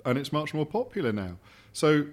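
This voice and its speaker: A middle-aged man with a slightly high, sing-song voice talks at a moderate pace. He's a dinner guest in a home dining room, telling stories in casual table chat and often repeating words mid-thought.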